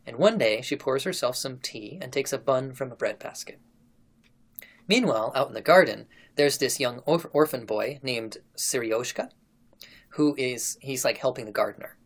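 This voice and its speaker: Man, podcast host, casual storyteller, relaxed and chatty, mid-range pitch. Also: normal speed. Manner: relaxed, chatty, laughs between lines. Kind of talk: casual storytelling, retelling a historical account.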